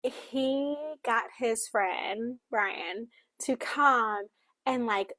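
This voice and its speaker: A woman co-hosting a casual book discussion, talking while she signs and voicing for a signing co-host, in a halting, self-correcting way. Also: fairly high pitch, noisy background.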